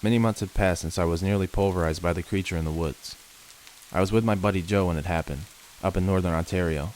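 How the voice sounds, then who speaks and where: A man reading first-person creature horror stories as scripted narration, in a slow, measured, ominous manner. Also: sits low, steady tone, a little mellow, slight background noise, poor audio. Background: faint rain.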